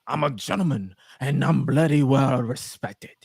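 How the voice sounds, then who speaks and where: Pompous English gentleman, haughty and drawn out, dry close sound, as a man puts him on. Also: medium pitch, gravelly, husky, dry recording. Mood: indignant. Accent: mock English. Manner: haughty, drawn-out indignant delivery. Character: pompous posh male wrestler, indignant.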